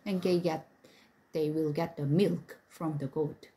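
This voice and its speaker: A woman's voice: sits low, fairly even intonation, a little slow, slight background noise. A woman giving short, casual comments as a child reads a story aloud. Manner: soft, short reactions and questions.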